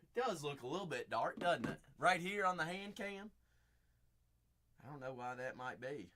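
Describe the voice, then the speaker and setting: A man's voice: a little high, lively intonation, moderate pace, background noise. A chatty man with a Southern accent hosting a live card-break stream, talking to viewers by name.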